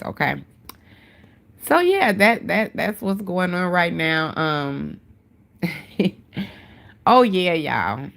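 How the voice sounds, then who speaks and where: Low gravelly woman, stuffed-up nose, aave, just chatting with her live chat. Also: bright, forceful tone. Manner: chatty, addresses viewers as "y'all" and "baby". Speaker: livestream host. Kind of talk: casual livestream chat.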